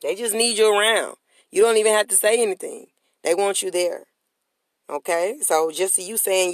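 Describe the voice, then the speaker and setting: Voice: mid-range voice, normal speed, dry recording. A podcast host giving a motivational talk in a preachy way, repeating phrases and calling on listeners to answer back. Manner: preachy, repetitive call-and-response.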